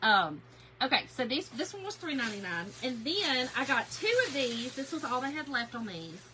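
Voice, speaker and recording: A woman hosting a casual craft haul livestream, chatty and excitable, greeting viewers by name. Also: high voice, moderate pace, background noise. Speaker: craft channel host.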